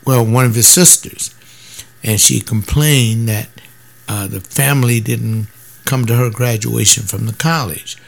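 A man's voice: medium pitch, fairly even intonation, a little slow, vocal fry. An older man and former soldier, talking in a casual, emphatic monologue and now and then mimicking other people's voices. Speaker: former soldier sharing views.

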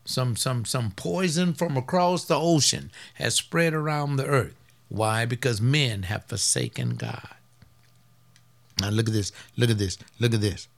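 A man preaching a fiery sermon as pastor, swinging from loud outbursts to hushed asides. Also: medium pitch, expressive, normal speed.

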